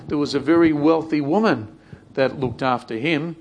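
Conversational male preacher, slightly high voice. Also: brisk. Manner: conversational, repetitive, voices imagined prayers. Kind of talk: sermon.

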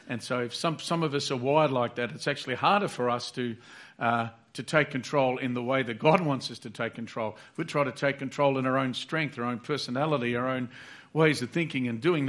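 A man's voice: medium pitch, a little fast, a bit bright. A man preaching a sermon, earnest and repetitive, acting out heartfelt prayers aloud.

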